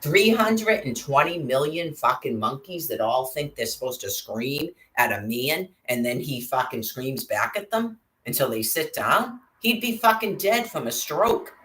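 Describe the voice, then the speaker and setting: A woman's voice: extremely low pitch, animated, a little slow, hardly any pauses, fairly bright tone. Woman ranting angrily in a roomy echo. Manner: agitated, profane ranting. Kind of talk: angry monologue to camera.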